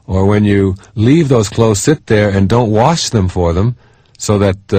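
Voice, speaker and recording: A middle-aged man with a deep, husky voice delivers a self-help audiobook lecture. He speaks earnestly and drives his points home by repeating them. The recording is close and dry, with no room sound. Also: a little mellow, no room sound. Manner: earnest, emphatic, builds points through repetition.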